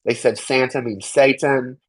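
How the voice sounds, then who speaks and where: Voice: mid-range voice, steady tone, a little slow, dry recording, low-quality recording. A young adult interview guest giving emphatic, indignant personal testimony, swearing freely and mocking others in quoted voices.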